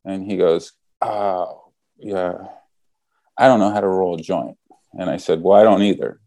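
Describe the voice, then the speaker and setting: A man's voice: deep voice, fairly even intonation, a little slow, warm tone, no echo. A man casually telling a story, acting out the quoted lines as he goes.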